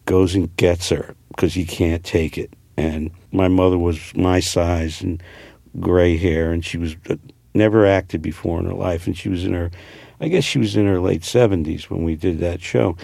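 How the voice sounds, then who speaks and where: A man's voice: low-pitched, steady tone, normal speed, vocal fry, dark tone, dry recording. A man from New Jersey with a New Jersey accent, an actor talking casually in an interview, rambling with many fillers and restarts. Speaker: actor guest.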